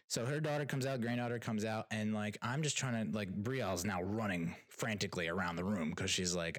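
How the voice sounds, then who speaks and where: A man's voice: on the low side, normal speed, no echo. A young man, a father, telling a story in a rambling, exasperated way, full of restarts and trailing asides. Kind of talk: casual storytelling monologue.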